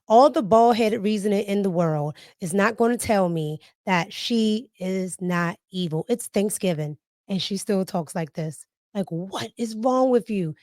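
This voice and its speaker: A woman's voice: mid-range voice, darkish tone, no echo, studio quality. A woman hosting a casual reaction commentary, talking emphatically and repeating herself for stress. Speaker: commentary show host.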